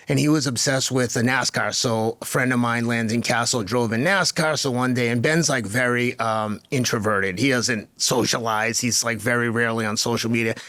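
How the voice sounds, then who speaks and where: Give me a chatty, animated man in his fifties, dry and close. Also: medium pitch, dry recording. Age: 50s. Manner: animated, gets fired up and louder telling stories; chatty, lots of fillers and restarts. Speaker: podcast guest, marathon runner. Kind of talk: casual interview storytelling.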